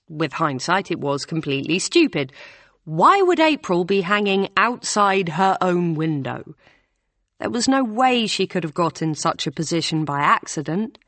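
A woman reading a novel aloud in an even, measured storytelling manner. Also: medium pitch, no room sound. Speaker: audiobook narrator. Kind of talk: scripted narration.

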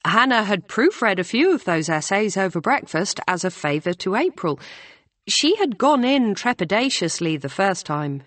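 A woman reading a novel aloud as audiobook narrator, in a measured storytelling manner. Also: mid-range voice, dry recording. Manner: measured, voices characters with small shifts. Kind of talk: scripted narration.

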